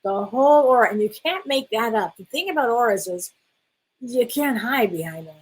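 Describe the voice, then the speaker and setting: A middle-aged spiritual medium runs a casual live-stream question session, warmly reading viewers' comments aloud and calling them "honey." Her voice is a little high, animated and husky at a normal speed, though the audio is poor.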